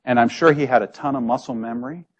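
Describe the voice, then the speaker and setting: A middle-aged man, a physician giving a conversational lecture full of stories, telling them in an animated way and acting out the quotes. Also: medium pitch, quick pace, lo-fi sound. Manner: animated storyteller, acts out quotes.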